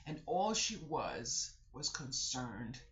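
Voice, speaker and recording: A vlogger telling a personal story in a casual storytelling vlog, chatty and animated, talking straight to viewers and repeating the same catchphrase. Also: mid-range voice, slow pace. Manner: animated storyteller, repeats "I kid you not", acts out others' voices; chatty, addresses viewers directly. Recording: dull lo-fi recording.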